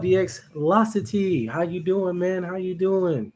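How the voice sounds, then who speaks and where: A man doing his first-ever reaction livestream talks loosely and anxiously with his audience, calling out their names and laughing often. His voice is high-pitched with a darkish tone, and his pace is unhurried.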